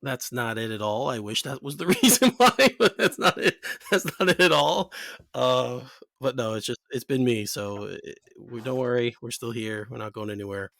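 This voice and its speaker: A man's voice: mid-range voice, expressive, moderate pace, gravelly, fairly bright tone, dry recording. A man co-hosting a casual podcast, laid-back and rambling, laughing often. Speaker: podcast co-host.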